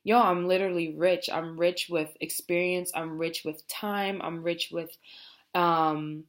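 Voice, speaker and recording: A woman's voice: on the low side, steady tone, unhurried. A young American woman talking reflectively in a personal vlog, rambling with many fillers like "you know" and "like". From United States. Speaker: vlogger. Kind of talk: heartfelt personal vlog talk.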